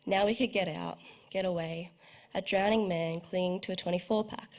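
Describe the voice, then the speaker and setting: A woman's voice: fairly low pitch, steady tone, normal speed. A young woman reading her own short story aloud at a book launch, careful and evocative, with the odd small slip. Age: young adult. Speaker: student writer reading her work. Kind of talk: literary reading.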